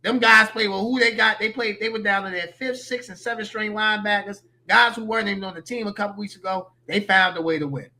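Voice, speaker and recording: A man's voice: sits high, steady tone, fast talker, few pauses, pushed and bright. A man giving opinionated, slangy sports talk as a podcast guest.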